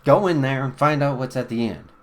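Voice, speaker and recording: Game master voice for a loud, bossy lighthouse keeper, a man acting. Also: mid-range voice, huge pitch swings, extremely slow, husky, voice pushed up, heavily acted. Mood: calling out. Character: gruff lighthouse owner, bossy older man.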